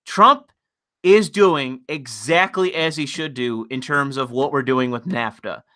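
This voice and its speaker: A man's voice: mid-range voice, a little slow, sharp tone. A man hosting a livestream, ranting casually in a profane, rambling, mocking way. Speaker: livestream host.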